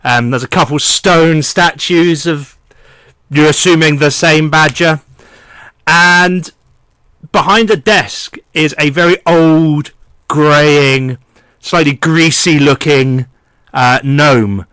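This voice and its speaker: A man runs a tabletop game as game master, describing the scene in a casual, wry way. His voice sits high and sounds bright. It is recorded dry and close on a call mic. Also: slow pace, no room sound. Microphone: headset or desk mic on a voice call.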